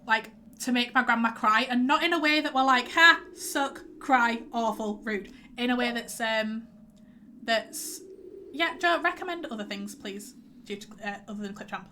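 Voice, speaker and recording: A woman's voice: on the high side, moderate pace, bright, forceful tone, a little hiss or hum. A young woman streaming a game, chatting in a rambling way with many fillers and reading out chat messages. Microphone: headset.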